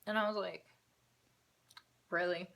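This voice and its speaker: Young woman telling a breathless, sarcastic storytime. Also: fairly high pitch. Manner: animated, sarcastic storytelling with quick asides. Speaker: vlogger. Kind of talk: casual storytime vlog.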